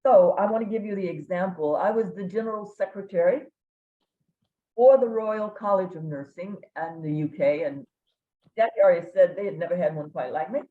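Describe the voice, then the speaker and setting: An older woman from Kentucky giving a guest lecture, telling a humorous story with dramatic pauses. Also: lowish voice. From Kentucky, USA. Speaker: guest speaker. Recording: echoey room, tinny phone-like sound.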